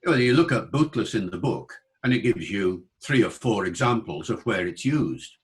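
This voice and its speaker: An older British man talks through language matters in a relaxed interview. He explains at length and breaks off to demonstrate sounds and accents himself. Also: fairly low pitch, normal speed, low-quality recording. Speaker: linguist guest. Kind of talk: interview conversation.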